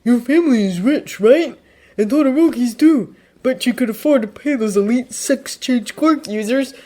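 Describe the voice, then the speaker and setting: A woman's voice: fairly high pitch, moderate pace, warm tone, pitched above the performer's own voice, natural voice. A woman voicing a crude, lecherous teenage boy who whines and leers, in a fanfiction audiobook reading. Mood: leering. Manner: whining, leering.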